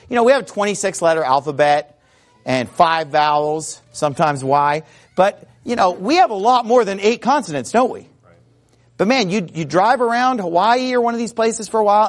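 A man teaching an informal class in a chatty, animated way. His voice sits high and swoops freely up and down as he imitates sounds. The delivery is loose and conversational. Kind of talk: informal lecture. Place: Arizona.

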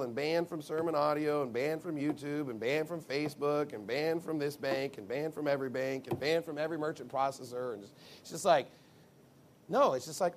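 Guy preaching practical advice, bit high voice, lively, keeps acting out what people say. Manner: animated, acts out quoted voices. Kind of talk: sermon-style advice talk.

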